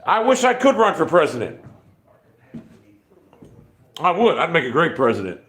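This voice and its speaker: A man's voice: on the high side, sing-song, moderate pace, fairly bright tone. A man in his fifties hosting a casual livestream, talking in a profane, rambling and irritated way. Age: 50s. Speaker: livestream host.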